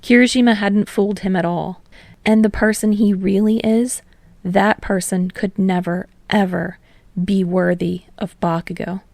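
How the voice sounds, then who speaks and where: A woman reads fan fiction aloud in a steady narration that slows on emotional passages. Her voice is mellow with a slight gravelly edge. The recording is dry and close. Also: mid-range voice, no room sound. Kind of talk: audiobook narration.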